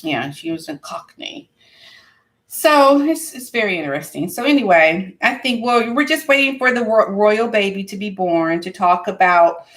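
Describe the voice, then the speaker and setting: In casual podcast chat, an American woman from the United States thinks aloud, leaning on lots of fillers and restarts. Her mid-range voice is a bit bright, with lively intonation at normal speed.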